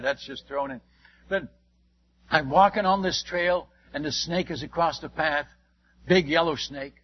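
An older man, a missionary, tells stories in an animated sermon, chuckling often and repeating his words. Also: sits high, husky. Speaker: missionary speaker. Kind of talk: storytelling sermon. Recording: dull lo-fi recording.

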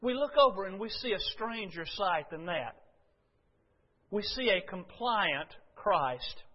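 A man preaching a sermon, building to loud, impassioned bursts when he quotes Jesus. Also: sits high, lively intonation, slow, breathy edge. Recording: dull lo-fi sound with long hall reverb.

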